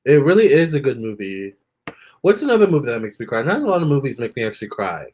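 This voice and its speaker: A young man chatting casually with viewers during a live stream, expressive and talking straight to his audience. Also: mid-range voice, quick pace. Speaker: live-stream tarot reader.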